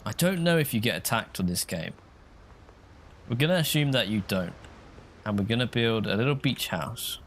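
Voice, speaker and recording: A man's voice: fairly low pitch, animated, normal speed, pauses often, slight background noise. Chatty man streaming a game. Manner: chatty, rambling, reads chat aloud. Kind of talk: casual game commentary.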